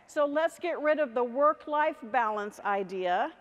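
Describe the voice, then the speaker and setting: A middle-aged woman gives a motivational keynote in a large conference hall, her fairly high voice trailing a long reverb. She speaks straight to the crowd with lively energy and leads them through short exercises. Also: measured pace, few pauses.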